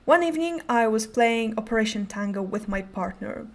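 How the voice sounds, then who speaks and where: A woman's voice: on the high side, expressive, moderate pace. A young adult woman giving a prepared conference talk, speaking in a careful, controlled way with occasional stutters on sounds.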